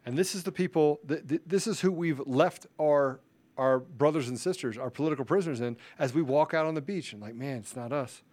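A man's voice: fairly high pitch, fairly quick. Fired-up male commentary host. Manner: fiery, repetitive, emphatic, rising into shouting; self-described introvert. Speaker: show host. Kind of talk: political commentary rant.

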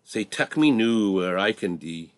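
A man's voice: fairly low pitch, expressive, a little slow, no echo. A Scottish man voicing a grieving young bull. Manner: lamenting, plain-spoken. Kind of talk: recited dialect verse.

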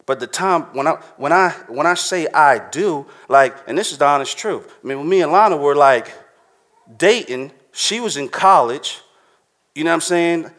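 A man's voice: on the high side, expressive, moderate pace, a bit bright. A man preaching a sermon to a live congregation in a casual, slangy, conversational way, often checking in with his listeners.

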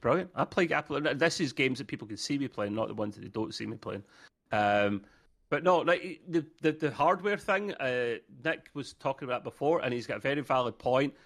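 Male co-host, mid-pitched, teasing banter on a gaming podcast. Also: animated, a bit bright. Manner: joking, quick banter with stammered restarts. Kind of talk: casual gaming podcast chat.

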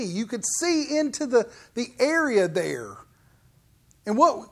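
An emphatic preacher teaching from scripture. The delivery is conversational and keeps reaching out to the listeners with asides and questions. The pace rises and falls to stress each key point. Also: medium pitch. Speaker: pastor. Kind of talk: sermon.

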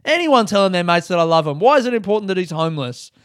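A man's voice: sits high, animated, very fast, smooth, dry recording, studio quality. Swearing Australian man rambling storytelling. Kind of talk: casual solo monologue.

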